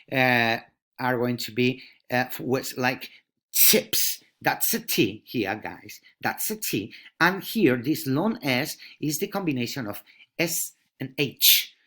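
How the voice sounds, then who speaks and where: Slow male English teacher. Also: medium pitch, sharp tone. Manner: over-articulates sample words, often checks with "right?". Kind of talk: pronunciation lesson.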